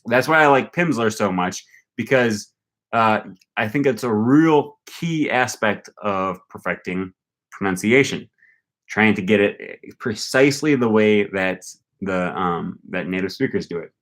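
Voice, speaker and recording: Young male vlogger, low and unhurried, casual running commentary while he repeats practice phrases. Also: lively intonation, fairly bright tone. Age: young adult. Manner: thinks aloud, repeats foreign phrases slowly. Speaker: language learning vlogger. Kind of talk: casual commentary while using a language app.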